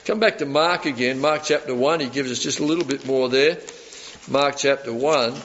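A man's voice: mid-range voice, normal speed, fairly bright tone, lo-fi sound, slight background noise. A male pastor giving a sermon, teaching through scripture with casual asides and rhetorical questions.

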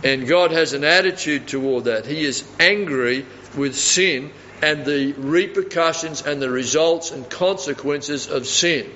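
A man's voice: fairly high pitch, a little slow, few pauses, pushed and bright, a little hiss or hum. A man preaching a sermon, emphatic and fond of repeating phrases for stress. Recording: dull audio with long reverb in a hall.

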